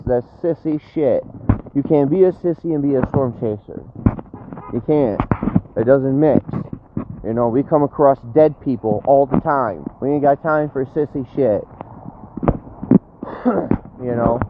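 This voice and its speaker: A man chatting casually on a live stream, brash and slangy, swearing freely. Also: mid-range voice. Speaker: storm chaser streaming live. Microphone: phone. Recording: tinny phone-like audio with faint noise.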